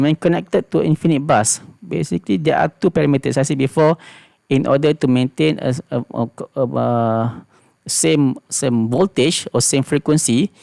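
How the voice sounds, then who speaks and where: A man with a Malaysian English accent lectures on engineering in a recorded class, with a gravelly, creaky edge to his voice. He explains patiently, circles back to repeat key phrases and keeps checking in with "okay". The sound is dry and close, with no room echo. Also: mid-range voice, a little mellow.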